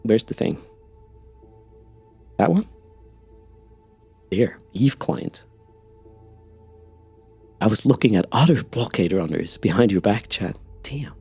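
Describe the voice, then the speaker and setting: A game streamer with a Swiss German accent chats casually with his live audience while playing, often repeating words as he starts a sentence. His low, gravelly, mellow and slightly rough voice moves slowly and expressively with frequent pauses, over soft background music.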